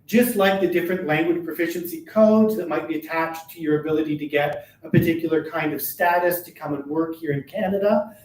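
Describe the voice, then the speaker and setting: An older man giving a live workshop talk, who talks fast and keeps checking in with "right?". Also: a little high, darkish tone. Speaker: workshop presenter for a workers' advocacy centre. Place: meeting room at a chamber of commerce. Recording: roomy, distant, faint noise.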